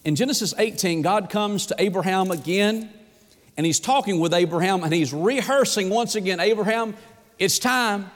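A man with a high voice preaches a sermon as pastor at a normal pace, folksy and emphatic. He poses rhetorical questions to the congregation, and the recording carries an echoey hall reverb.

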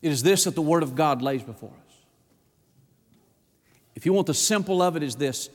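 A pastor preaching a folksy sermon that rises to shouting on its key points. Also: male voice, fairly high pitch, expressive, normal speed. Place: church sanctuary. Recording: long church reverb.

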